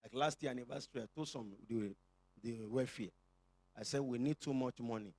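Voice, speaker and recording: A man's voice: medium pitch, fairly quick, a little mellow. A male pastor with a Nigerian accent preaching a sermon to his church, joking and calling for responses from the congregation.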